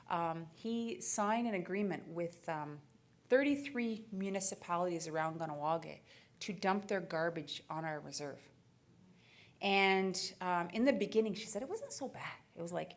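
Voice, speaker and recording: A woman giving a talk, telling a lively family story with quoted voices and frequent laughter. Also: medium pitch. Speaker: speaker.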